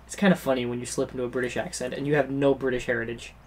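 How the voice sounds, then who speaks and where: A man's voice: mid-range voice, little pitch movement, very fast. A young man co-hosting a podcast, chatting casually and cracking dry, teasing quips. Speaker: podcast co-host. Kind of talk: casual chat.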